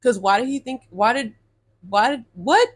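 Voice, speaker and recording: A young woman telling a dating storytime to her viewers, animated and exasperated, swearing freely and calling her audience y'all. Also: on the high side, normal speed. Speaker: storytime vlogger. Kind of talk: casual storytime rant.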